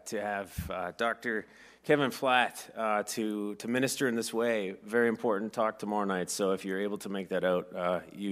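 A man leading a church service, praying earnestly and giving relaxed announcements. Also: on the low side. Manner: earnest, prayerful, relaxed asides. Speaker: worship leader.

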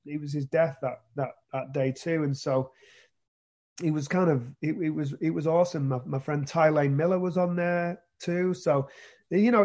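A man's voice: fairly high pitch, a little mellow. A British man being interviewed about his acting career, talking casually with many restarts and repeated words. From Britain. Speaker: actor guest.

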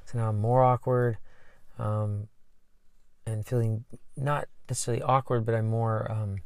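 A man's voice: medium pitch, creaky, darkish tone, clear, resonant tone, no room sound, studio quality. A man who coaches, talking casually and earnestly about himself, rambling with many fillers. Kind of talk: casual personal talk.

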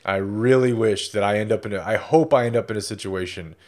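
A man's voice: fairly low pitch, fairly quick, a little mellow. A man co-hosting a podcast in casual chat, wry and joking. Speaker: podcast co-host.

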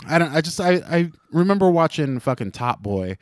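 Male podcast co-host, animated and joking, profane, dry close mic. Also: fairly high pitch, moderate pace, dry recording. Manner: joking, laughs often, swearing. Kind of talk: casual chat.

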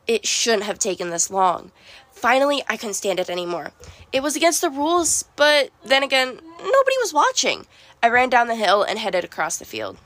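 A woman reading a first-person storybook narration, expressive and lively. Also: a little high, no echo. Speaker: audiobook narrator.

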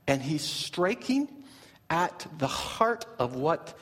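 A man preaching a sermon as pastor, animated and often repeating and restarting his words. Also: on the high side, slow, in a large hall.

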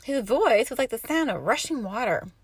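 A woman reading scripture aloud and explaining it in her own words, with expressive bursts of loud emphasis. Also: a little high, normal speed, husky, no room sound, studio quality. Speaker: Bible teacher.

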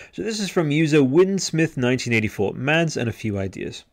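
A man's voice: on the high side, sing-song, fairly quick, few pauses. An Australian man in his thirties hosting a live-stream podcast, chatting casually and reading viewer comments aloud with lots of fillers and restarts. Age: 30s. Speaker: podcast host. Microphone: headset-style home podcast mic.

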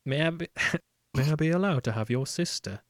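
A man's voice: a little high, lively intonation, normal speed, no room sound, studio quality, voice pushed up, close to an everyday voice. A man voicing a courteous young male suitor from a folk tale, with a Yorkshire accent, as part of a comic storybook reading. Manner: courteous, formal asking.

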